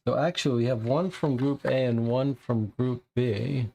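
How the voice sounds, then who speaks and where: A man's voice: medium pitch, moderate pace, gravelly, warm tone. A man playing a game and thinking aloud as he takes notes. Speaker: game player. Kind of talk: casual game commentary.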